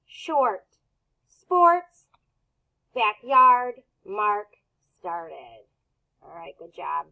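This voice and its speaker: A woman teaching a phonics lesson to children, speaking slowly and patiently as she sounds out words. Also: high voice, sharp tone, low-quality recording.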